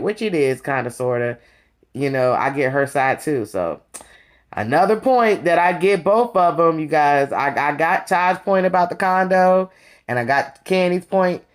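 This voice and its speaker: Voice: normal speed, clear, resonant tone. Chatty, sassy reality-TV recapper. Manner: chatty and sassy, addresses viewers as "you guys" and "honey"; lively, swings between excited highs and low asides. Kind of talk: casual gossip recap.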